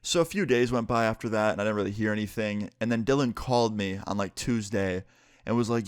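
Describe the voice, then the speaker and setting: A man's voice: on the low side, fast talker, smooth, no room sound, clean studio sound. A young man from New York state telling a personal story casually, acting out quoted dialogue and leaning on "like" a lot. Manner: animated retelling with lots of "like" and quoted dialogue.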